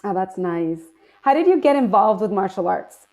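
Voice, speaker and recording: A woman's voice: mid-range voice, expressive, normal speed, darkish tone. A woman hosting a casual interview, asking short, friendly questions. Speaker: interviewer, host.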